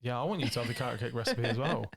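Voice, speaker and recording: A British man with a gravelly, fry-edged voice, cohosting a podcast. He tells long, swear-laden stories full of tangents and puts on the voices of the people he quotes. His pitch sits mid-range. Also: racing. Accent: British English. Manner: rambling, profane, animated storytelling with acted-out quotes. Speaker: podcast co-host. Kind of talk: casual storytelling chat.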